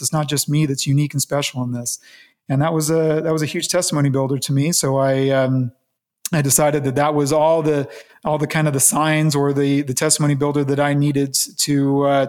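A man being interviewed, recounting a personal story in an earnest, reflective way with halting restarts. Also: a little high, flat delivery, a little mellow. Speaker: interview guest.

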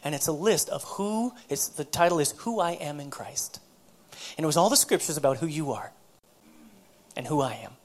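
A woman preaches a sermon with earnest conviction, her voice sitting a little low for a woman. She tells stories and stumbles over repeated words as she builds her point. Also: lively intonation, moderate pace, darkish tone.

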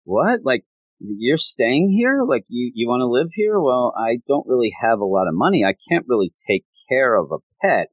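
A man's voice: mid-range voice, sing-song, moderate pace, dry recording, muffled recording. A man voicing a timid, poor young schoolgirl who talks in a hesitant, flustered way. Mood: worried.

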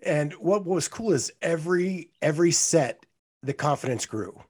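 Man, interviewer, higher voice, casual, friendly, asks prompting questions. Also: lively intonation, moderate pace, a little mellow.

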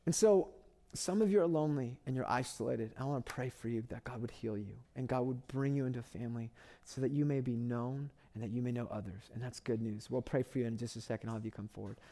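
Male pastor, mid-pitched and mellow, preaching with passionate repetition. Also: quick pace. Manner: impassioned storytelling, repeats phrases for emphasis. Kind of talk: sermon.

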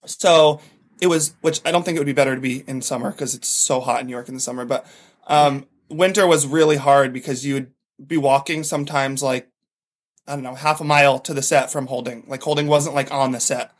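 A man's voice: medium pitch, fairly even intonation, fairly quick. A man talking as a podcast guest, a chatty storyteller who fills his talk with "like". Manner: chatty storyteller, heavy use of "like". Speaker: podcast guest, former TV extra. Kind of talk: casual chat.

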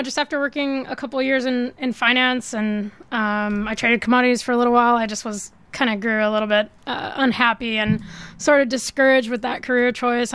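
A woman from the San Francisco Bay Area, a winemaker guest on a radio show, telling her story in a relaxed, measured way. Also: fairly high pitch, clean tone, no room sound. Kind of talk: radio interview. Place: radio studio.

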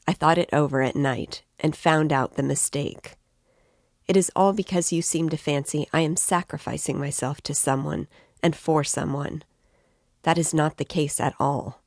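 A woman's voice: low voice, dry recording. A woman reading the part of a proud, composed young woman who speaks firmly and dryly. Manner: firm and dry.

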